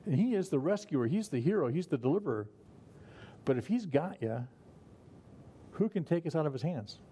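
A man's voice: fairly high pitch, sing-song, normal speed, dark tone, a little hiss or hum. A man preaching a conversational sermon, folksy in manner and chuckling at his own remarks. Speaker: pastor.

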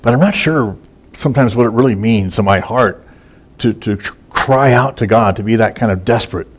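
Casual, low-voiced man preaching. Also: normal speed, breathy edge. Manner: casual and folksy, many fillers and repeated words. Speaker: pastor. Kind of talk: sermon, conversational Bible teaching.

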